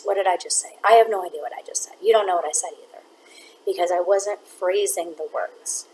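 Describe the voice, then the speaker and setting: A woman teaching a reading lesson, explaining phrasing in a clear, deliberate way and sometimes reading word by word to demonstrate. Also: on the low side, darkish tone, a little hiss or hum, poor audio. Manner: clear, deliberate teacher talk, reads words one at a time to demonstrate.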